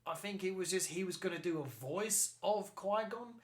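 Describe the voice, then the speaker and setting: A man co-hosting a podcast, chatting excitedly, swearing a lot and acting out quotes. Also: high-pitched, normal speed. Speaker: podcast co-host. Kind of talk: casual chat. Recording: roomy echo.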